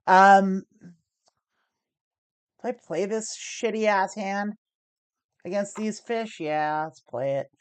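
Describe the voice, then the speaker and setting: Speaking extremely slowly in a smooth mid-range voice, a woman pauses often, with no echo in the recording. She's an American playing online poker on a live stream and casually walking viewers through her moves. Chatty and self-deprecating, she laughs frequently and swears lightly.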